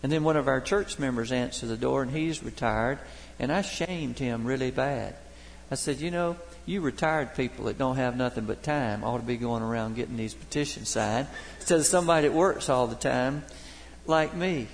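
A Baptist pastor preaching a sermon, telling folksy, humorous stories from daily life. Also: male voice, medium pitch, normal speed, creaky, a little hiss or hum. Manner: folksy storytelling, homespun humor. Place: church sanctuary. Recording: long reverb of a church hall.

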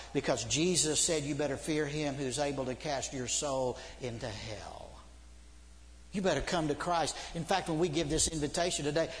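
Middle-aged preacher, urgent and emphatic, slightly high voice, long reverb of a big church. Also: male voice. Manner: urgent, emphatic, swings from loud to hushed. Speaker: preacher, seminary dean. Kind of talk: sermon.

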